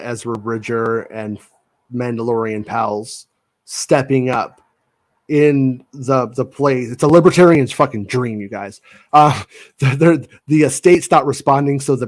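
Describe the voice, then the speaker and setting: A man of middle pitch chatting casually on a podcast. He talks in quick, animated bursts and often restarts his sentences mid-thought. His voice sits at an ordinary level and pitch for a man. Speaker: podcast co-host. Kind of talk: casual chat.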